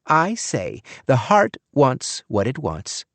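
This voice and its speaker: A man's voice: medium pitch, huge pitch swings, takes it slowly, fairly bright tone, dry recording, voice pushed up, heavily acted. A man voicing a chatty, gushing middle-aged mother in an audiobook.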